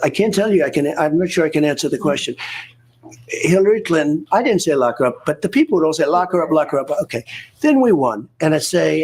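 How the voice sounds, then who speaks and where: A man's voice: on the high side, a little mellow, husky. An older man answering in a TV interview clip, rambling and repeating himself. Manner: rambling, repetitive, digressive.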